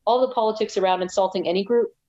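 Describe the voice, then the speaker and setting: Fast-talking American woman, dull audio. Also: medium pitch. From United States. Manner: rapid, animated, chatty with many restarts. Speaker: guest, ultrarunner. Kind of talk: casual interview storytelling.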